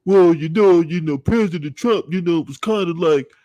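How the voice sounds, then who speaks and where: A man imitating a soft-spoken, cautious male politician, halting over every phrase. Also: a little high, dry recording, lo-fi sound, lightly acted. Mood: mock-timid. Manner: hesitant, halting, full of "you know".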